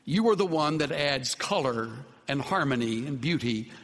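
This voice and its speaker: A man preaching a sermon with an earnest, unhurried delivery that softens to tender, quiet passages. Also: mid-range voice, lively intonation, long reverb tail. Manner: slow, earnest preaching with soft, tender dips. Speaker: pastor.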